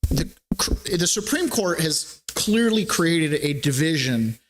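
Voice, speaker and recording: A man hosting a talk show, giving casual political commentary in an animated storytelling way with quick asides. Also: fairly high pitch, soft background music. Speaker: show host.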